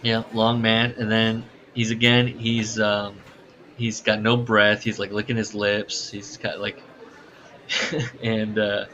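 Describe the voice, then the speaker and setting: A man with a fairly low voice and a bright, forceful tone chats casually as a podcast co-host. He retells scenes in an animated way and often laughs at his own story. The audio is a bit dull and lo-fi. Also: slow. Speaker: podcast co-host recapping wrestling shows.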